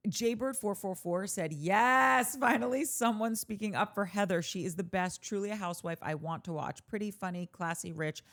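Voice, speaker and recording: A woman co-hosting a casual chat show, reading listener comments aloud with quick animated asides. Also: mid-range voice. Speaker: podcast co-host.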